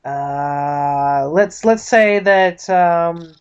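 A woman improvising a comedy TV pitch, rambling, full of fillers, and animated. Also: very slow, clean tone. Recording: slightly dull lo-fi recording.

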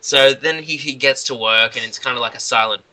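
Bright-voiced man rambling through a comic story. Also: mid-range voice, fairly quick, low-quality recording. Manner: rambling, lots of restarts and fillers, deadpan jokes. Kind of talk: casual comedic storytelling.

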